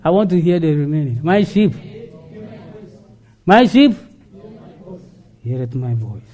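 A man preaching a sermon, asking rhetorical questions and answering them, sometimes shouting. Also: on the high side, sing-song, a little slow.

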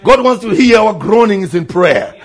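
Male preacher, high and husky; emphatic sermon, repeats lines, swings between low asides and shouts. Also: sing-song, normal speed. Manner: emphatic, repeats phrases, calls out to brother and sister.

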